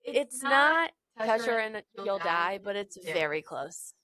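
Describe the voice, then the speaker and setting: A woman's voice: medium pitch, lively intonation, slow, pushed and bright. A woman co-hosting a casual book podcast, retelling scenes animatedly, acting out quotes and laughing often. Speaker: podcast co-host. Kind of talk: casual book-discussion chat.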